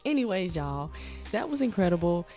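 A young woman, a movie reaction host who chats excitedly and keeps calling her viewers y'all. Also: on the low side, normal speed, over music. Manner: exclamatory, addresses viewers as y'all. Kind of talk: excited casual reaction chat. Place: home room.

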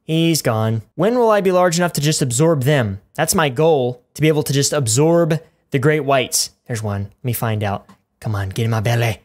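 A man's voice: mid-range voice, normal speed, a little mellow. Male let's-play host, goofy and rambling, cracks crude jokes at the audience. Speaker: gaming YouTuber.

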